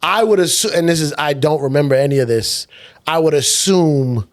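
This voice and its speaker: A man's voice: on the high side, moderate pace. A man hosting a podcast, easygoing and slangy in casual chat. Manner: easygoing, laughs along, talks in slang. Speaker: podcast host.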